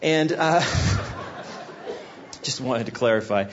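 A man's voice: mid-range voice, extremely slow, lo-fi sound, a little hiss or hum. A middle-aged man, a guest pastor, preaching a sermon. He explains scripture and tells stories, acting out the people in them. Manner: explanatory, storytelling with voiced asides.

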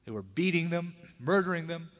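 A male pastor preaching a conversational sermon, with big swings between loud emphatic peaks and hushed, low asides. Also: lively intonation, fairly quick. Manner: conversational preaching, acting out quoted prayers and dialogue. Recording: hall reverb.

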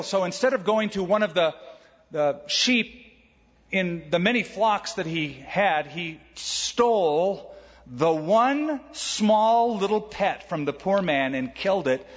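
A male pastor delivering a sermon in a conversational, storytelling way, with emphatic points. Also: high voice. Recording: echoey hall, dull sound.

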